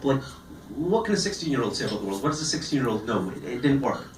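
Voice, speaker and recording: An eighteen-year-old man doing a stand-up comedy set on a club stage, delivering deadpan one-liners with pauses. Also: mid-range voice, noisy background. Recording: roomy live club sound from a distance.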